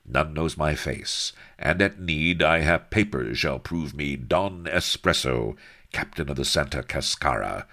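A man's voice: rumbling low, lively intonation, a little slow, bright, forceful tone, exaggerated voice. A man voicing a grim, cocky naval captain in disguise, speaking curtly and hard-edged, in a read-aloud story.

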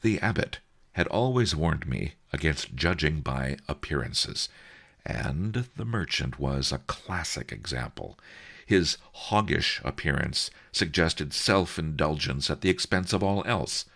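A man giving an expressive first-person audiobook narration. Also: very deep voice, unhurried, creaky.

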